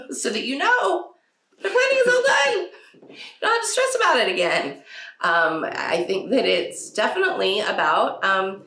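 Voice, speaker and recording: A woman's voice: medium pitch, gravelly, pushed and bright. A woman hosting a casual parenting talk. She laughs often and acts out quotes from her children. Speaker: podcast host. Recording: echoey room.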